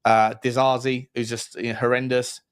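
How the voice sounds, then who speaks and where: A man co-hosting a football talk livestream, chatty and upbeat, with blunt opinions and quick shout-outs to viewers. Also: medium pitch, level tone, clear, resonant tone. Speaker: co-host.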